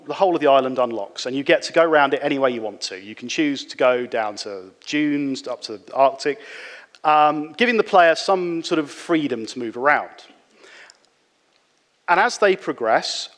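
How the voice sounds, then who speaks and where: A man giving a relaxed, conversational conference talk, with frequent fillers and restarts. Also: fairly high pitch. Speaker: conference speaker. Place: conference hall. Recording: reverberant hall.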